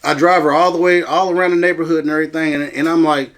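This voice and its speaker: A man's voice: fairly high pitch, little pitch movement, fast talker, a bit bright. A man animatedly telling a story in casual chat, acting out quotes and laughing often. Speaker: cast member telling a story.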